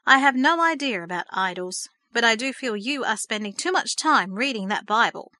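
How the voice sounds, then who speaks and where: A woman's voice: fairly high pitch, lively intonation, normal speed, pushed and bright, dry recording, clean studio sound. A woman voicing a tired, stern middle-aged mother in a read-aloud story, scolding and a little flustered. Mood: weary. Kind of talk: storybook character reading.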